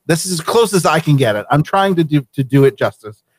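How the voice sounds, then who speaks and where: A man from Vermont hosting a casual live show, easygoing and quick to laugh. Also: a little high, animated, no echo. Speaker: show host.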